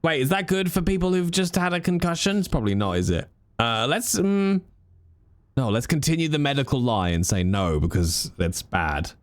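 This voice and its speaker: A man's voice: fairly high pitch, animated, moderate pace, no echo. A man chatting casually and jokingly while streaming a game. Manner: chatty, rambling, jokey. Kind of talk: casual live-stream commentary.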